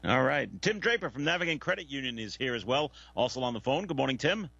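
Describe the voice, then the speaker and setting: A man hosting a casual morning radio panel show, friendly and quick to laugh. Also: mid-range voice, lively intonation, gravelly, pushed and bright, no room sound. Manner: friendly, laughs easily, fills with uh. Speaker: radio host. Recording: dull, lo-fi radio sound.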